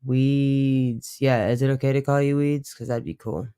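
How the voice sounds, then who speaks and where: A livestream host talks casually in a rambling, profane way, frequently interrupting and correcting himself. His medium-pitched, dark, clean voice barely shifts in pitch and moves at a moderate pace, recorded in a clean studio with no room sound.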